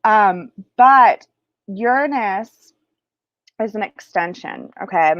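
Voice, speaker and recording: Slow, rambling woman on a lo-fi stream. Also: medium pitch, animated, dry recording. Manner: crass, joking, scattered, loses her train of thought; slow, drawn-out teaching delivery. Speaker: spiritual livestream host. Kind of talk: rambling casual livestream chat.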